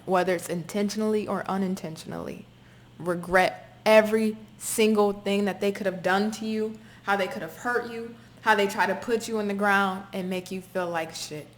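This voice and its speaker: A woman reading tarot for her viewers in a forceful, repetitive way. She drops casual swearing into the reading and talks at a middling pitch. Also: fairly even intonation, normal speed. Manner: emphatic, repetitive, swears freely. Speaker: tarot reader. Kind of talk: spoken tarot reading to camera.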